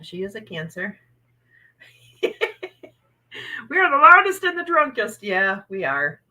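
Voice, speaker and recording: A woman's voice: mid-range voice, very animated, a little slow, pushed and bright, low-quality recording. A woman, hosting a casual livestream from home and laughing often. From Wisconsin. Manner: chatty, laughs often, upbeat. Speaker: livestream host, oracle card reader.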